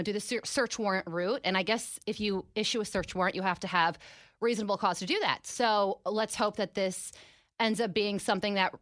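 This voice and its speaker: A woman's voice: mid-range voice, a bit bright, no echo. A breathless woman, a guest in a radio studio, talks over a close, dry microphone. She keeps the talk casual and laughs easily. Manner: breathless, apologetic, quick to laugh.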